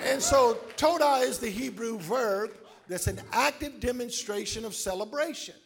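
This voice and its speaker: Gravelly high-voiced preacher shouting. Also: male voice, moderate pace. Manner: loud, rising call-and-response preaching, often shouting. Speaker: pastor. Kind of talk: sermon.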